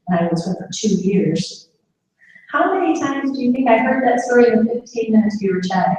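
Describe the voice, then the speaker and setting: A woman's voice: on the high side, animated, a little fast, a little mellow. A woman giving a live caregiver workshop, drawing the audience in with questions. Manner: engaging, asks the audience questions. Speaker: dementia caregiver workshop speaker. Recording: echoey room, mic far off, faint noise.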